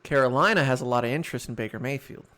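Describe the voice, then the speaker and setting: A young man co-hosting a sports podcast in casual chat, animated and quick to laugh loudly. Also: mid-range voice. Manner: animated, laughs loudly, breaks into mock impressions. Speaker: podcast co-host.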